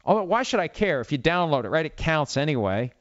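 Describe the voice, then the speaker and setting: Animated self-mocking man in his fifties. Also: on the high side, fast, dry recording, lo-fi sound. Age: 50s. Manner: rambling, self-mocking, opinionated. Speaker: sports radio podcast host. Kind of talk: solo talk show monologue.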